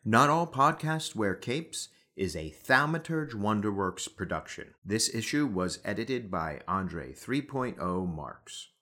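A man's voice: lowish voice, sing-song, takes it slowly, hardly any pauses, pushed and bright. A man co-hosting a podcast, chatting casually and playfully, often laughing and teasing. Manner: playful, laughing, trying a mock Russian accent. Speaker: podcast co-host. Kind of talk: casual chat.

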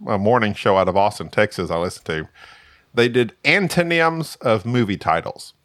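Low, lively-voiced chatty podcast man. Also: no room sound, clean studio sound. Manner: chatty, explaining, joking. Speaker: podcast co-host. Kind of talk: casual podcast chat.

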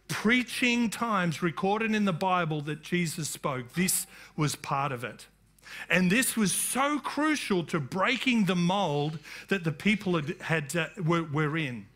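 A man's voice: high voice, bright, forceful tone. A man pastor preaching a sermon, emphatic and rising, with frequent calls of amen.

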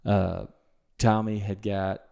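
A young man with a low, smooth, resonant voice tells a story on a casual podcast. He rambles and corrects himself as he goes, and he speaks with animated energy. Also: slow. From Mississippi, USA. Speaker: podcast host.

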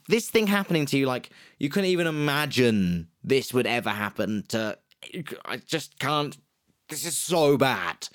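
A man, casually telling a true-crime story on a podcast, animated and jokey, slipping into quick put-on voices. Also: fairly high pitch. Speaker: podcast co-host.

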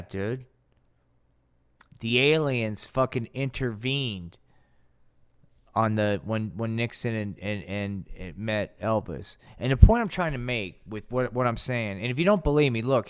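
Male host, smooth voice, loose stoner slang, rambling live comic yarn. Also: mid-range voice. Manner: rambling stoner slang, swearing, filler like dude and man. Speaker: podcast host and storyteller. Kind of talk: live comedic storytelling for a puppet show.

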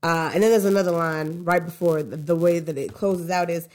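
A woman's voice: fairly low pitch, animated, brisk, few pauses. A woman hosting her own show, talking through a song's meaning in casual, candid commentary. She swears freely, speaks emphatically, and often restarts mid-thought to question herself. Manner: reflective, with restarts and self-questioning. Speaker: host analyzing a song.

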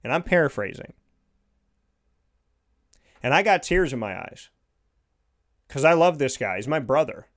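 A man's voice: medium pitch, lively intonation, measured pace, pauses often. A man giving an earnest, heartfelt motivational monologue, repeating his points for emphasis.

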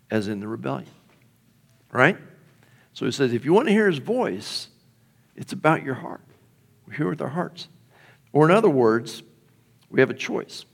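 A middle-aged man preaches to his congregation in an easy, talking manner, stopping often to put questions to them. His voice sits at a moderate pitch for a man. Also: big pitch swings, normal speed, creaky, long pauses. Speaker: pastor. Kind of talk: sermon.

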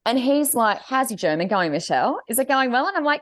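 A woman co-hosting a podcast tells a story in casual chat, animatedly acting out what people said. Her voice is medium-pitched and brisk, with no room sound.

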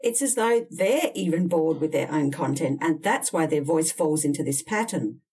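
A woman's voice: sits low, expressive, moderate pace, mellow, husky, distant mic. A woman coaching people on job interviews, giving direct, emphatic, candid advice in an instructional talk. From Australia.

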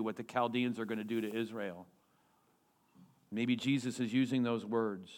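A male pastor delivering a sermon in an animated way, using rhetorical questions and repeating key phrases for emphasis. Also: mid-range voice.

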